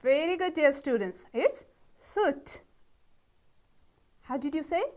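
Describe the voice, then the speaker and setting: A woman teacher with a Nepali accent leading a pronunciation lesson, modelling each word slowly and praising her pupils. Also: high-pitched. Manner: slow, drawn-out model words with encouraging praise. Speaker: English teacher.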